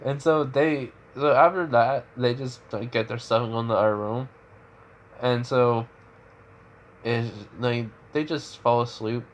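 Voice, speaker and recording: A man's voice: mid-range voice, fairly even intonation, a little slow, lo-fi sound. Rambling man retelling a fan story. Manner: rambling, lots of fillers and restarts.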